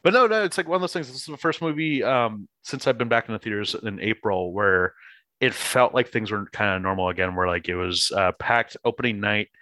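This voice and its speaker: A man's voice: lowish voice, fairly quick, sharp tone, dry recording. A man co-hosting a casual movie podcast, enthusiastic, laughing easily and swearing casually. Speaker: podcast co-host.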